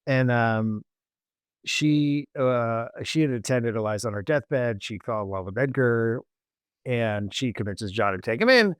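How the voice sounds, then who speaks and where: A man hosting a comedy podcast, walking through a history story in a loose, halting way. His voice sits in a middle pitch. The recording is dry, with no room sound. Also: expressive, clear, resonant tone, dry recording. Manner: halting, many restarts and fillers.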